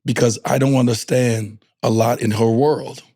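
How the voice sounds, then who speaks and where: A man's voice: mid-range voice, fairly even intonation, normal speed, dark tone. A man in his forties chatting on a podcast, talking earnestly and reflectively, with some restarts. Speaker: podcast co-host. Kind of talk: casual chat.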